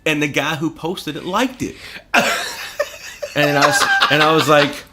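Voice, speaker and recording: A man's voice: a little high, measured pace, noisy background. A man telling stories as a podcast guest, sarcastic and profane, often breaking into laughter. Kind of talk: casual podcast storytelling.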